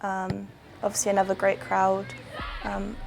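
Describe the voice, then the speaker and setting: Female player, flat and gravelly voice, interviewed over a music bed. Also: medium pitch. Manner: measured, hesitant with fillers. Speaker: footballer. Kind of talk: post-match interview reflection. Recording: music bed and crowd noise behind.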